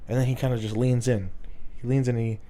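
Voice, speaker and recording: A man's voice: medium pitch, fast talker. Swearing young man telling a story. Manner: swearing, laughing, animated retelling. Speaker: podcast host. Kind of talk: casual storytelling chat.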